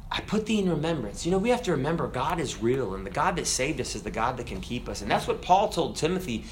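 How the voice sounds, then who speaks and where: A man's voice: a little high, a bit bright. A middle-aged man preaching a sermon in a conversational, joking way. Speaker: pastor.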